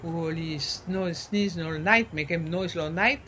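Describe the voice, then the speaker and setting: A man, explaining things in an interview in a halting way, repeating words and slipping into French. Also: a little high, pushed and bright, slight background noise. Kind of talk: conversational explaining.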